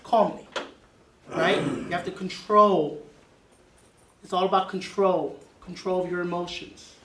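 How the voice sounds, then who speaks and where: A high-pitched man leads a Bible class, hammering his points home by repeating key words. His voice is caught from across an echoey classroom, with a faint hiss behind it. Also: fairly even intonation, measured pace, bright, forceful tone, distant mic.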